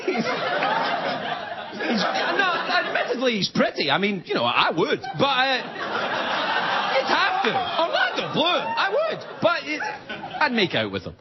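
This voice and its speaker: A man's voice: very high-pitched, huge pitch swings, a little slow, pauses often, a loud crowd, heavy background noise. A Scottish man hosting a late-night show, delivering a stand-up monologue with laughing asides and mock outrage. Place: TV studio with live audience. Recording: dull TV audio with loud audience laughter.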